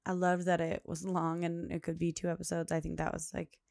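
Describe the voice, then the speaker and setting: A woman's voice: lowish voice, monotone, a little fast, creaky, a little mellow, no echo, clean studio sound. A young adult woman hosting a podcast on her own, rambling through a casual chat full of fillers and little laughs, recorded at home late at night. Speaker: podcast host. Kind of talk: casual solo monologue.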